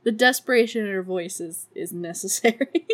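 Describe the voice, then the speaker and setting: A woman hosting a podcast casually recaps a movie, swearing freely and giggling, often laughing between sentences. Her voice is medium-pitched and moves at a moderate pace.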